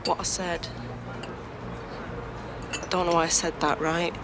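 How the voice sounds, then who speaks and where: Actress playing a grieving young sister. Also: female voice, lowish voice, little pitch movement, music in the background, close to an everyday voice. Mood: upset. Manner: halting, upset and self-reproaching. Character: grieving young woman, sister of a murdered boy. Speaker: witness. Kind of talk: TV police drama acting.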